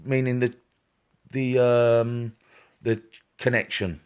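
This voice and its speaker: A man's voice: mid-range voice, flat delivery, slow, darkish tone, clean tone. A man working as a medium, giving a live-stream psychic reading, repetitive and reassuring, addressing viewers by name.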